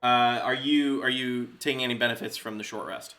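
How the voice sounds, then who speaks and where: Bright-voiced man running a tabletop game. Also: medium pitch, fairly even intonation, a little fast. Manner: chatty, laughs often, loose fillers. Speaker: game master.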